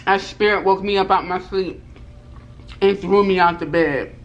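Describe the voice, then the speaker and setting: A woman vlogger telling a personal story to her viewers, animated and repeating herself, talking straight to the audience. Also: fairly low pitch, moderate pace, highs cut off. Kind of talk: storytime vlog.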